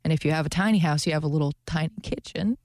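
A young woman radio co-host with a low, darkish voice talks very fast in a casual, animated chat, often laughing, with no room sound.

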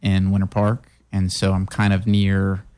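Male radio guest, low voice, relaxed, hesitant, lots of ums. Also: unhurried. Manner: laid-back, hesitant. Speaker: guest, woodworking shop owner. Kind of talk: casual radio interview. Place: radio studio.

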